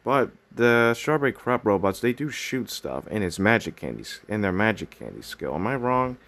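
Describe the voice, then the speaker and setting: A man's voice: fairly low pitch, sing-song, moderate pace, a bit bright. A man giving casual commentary on game character designs, rambling with frequent restarts and self-corrections. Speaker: video commentator.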